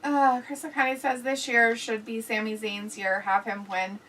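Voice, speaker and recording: Recorded from a distance on rough audio, this woman speaks with a fairly high pitch, flat delivery, moderate pace and a slightly bright tone. In her casual, profane watch-along live stream, she reads viewer comments aloud, reacts with crude, blunt jokes, and laughs frequently.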